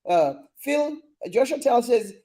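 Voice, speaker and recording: A man's voice: extremely high pitch, expressive, measured pace, dark tone. A young man hosting a casual live stream, reading viewer comments in a playful, teasing way and laughing often.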